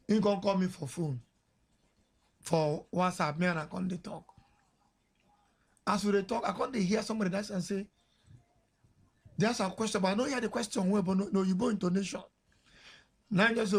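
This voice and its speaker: A man's voice: sits high, moderate pace, pauses often, husky. A Nigerian man hosting a radio show, telling a story in a chatty way, mixing pidgin with English and laughing as he goes. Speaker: radio host. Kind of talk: casual storytelling on air. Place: radio studio. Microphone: studio mic.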